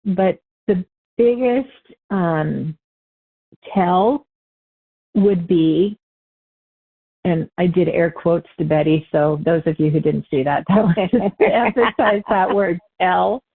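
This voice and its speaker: A woman with a fairly low voice gives an unscripted spiritual teaching talk. She speaks in a loose, conversational way, stopping to correct herself and laughing lightly. The sound comes through a thin, phone-like line. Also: slow pace, breathy edge.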